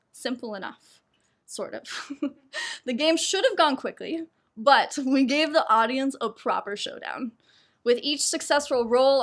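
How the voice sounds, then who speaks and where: Brief: young woman storyteller, fairly high voice, laughs through her lines, self-mocking and lively. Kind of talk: personal storytelling performance.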